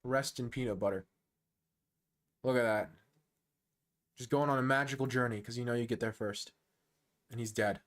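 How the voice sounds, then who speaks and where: A man with an ordinary mid-range voice does casual live chess commentary on a stream, excitable and full of slang, speaking directly to the player like he's coaching a friend. He talks at a normal speed and pauses often.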